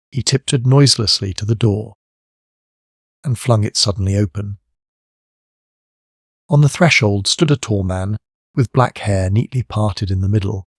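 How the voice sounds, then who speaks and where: Reading scripted audiobook narration, a man with a lowish voice tells the story evenly and deliberately. The audio is studio-clean, without any room sound.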